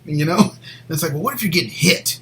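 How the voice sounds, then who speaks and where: A man's voice: on the high side, expressive, a little fast, slight background noise, poor audio. Earnest rambling man sharing faith. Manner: earnest and rambling, drops soft near whispers. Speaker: co-host of a Christian faith show. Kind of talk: personal faith testimony, casual chat.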